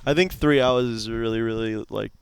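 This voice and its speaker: A man's voice: medium pitch, moderate pace, creaky, background noise. A young man co-hosting a podcast, making dry jokes in casual chat. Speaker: podcast co-host.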